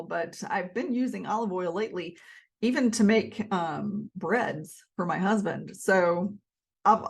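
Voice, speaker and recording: Woman, Southern accent, middle-aged, casual vlog, emphatic, repeats herself. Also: medium pitch. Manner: chatty, emphatic, with restarts and repeats. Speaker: health vlogger. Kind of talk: casual talk to camera.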